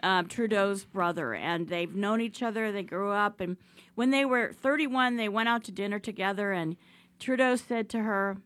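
A woman's voice: mid-range voice, moderate pace, a bit bright. Woman, radio co-host, earnest storytelling, conversational. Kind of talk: conversational news talk on radio.

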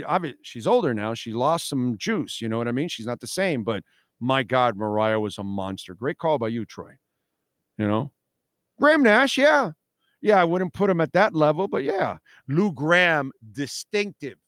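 A man's voice: mid-range voice, no echo, studio quality. Emphatic male talk radio host. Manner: animated, emphatic, repeats himself. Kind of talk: casual talk radio chat.

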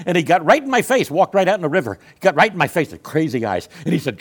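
Older man, folksy church storyteller, lively pitch, lots of restarts. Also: quick pace, few pauses. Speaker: Sunday school speaker. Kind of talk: storytelling testimony in a church class.

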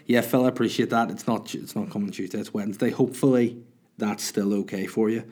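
A man's voice: fairly low pitch, fairly even intonation, brisk, a little mellow. A man hosting his own podcast, chatting casually and answering listener questions. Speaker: podcast host and comedian. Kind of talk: casual solo podcast chat.

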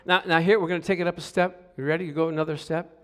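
A middle-aged man delivers a sermon in a lively storytelling manner. He drops to quiet asides, then bursts into loud exclamations and calls out to the congregation for an answer. His voice sits a little higher than most men's. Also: fast talker. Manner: animated storytelling, swings from hushed to loud exclamations; asks the congregation for responses. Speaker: pastor.

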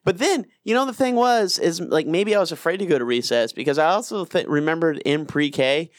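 A man's voice: fairly high pitch, expressive, brisk, dry recording. Profane laid-back male storyteller, dry sound. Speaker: podcast co-host. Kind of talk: casual chat, storytelling.

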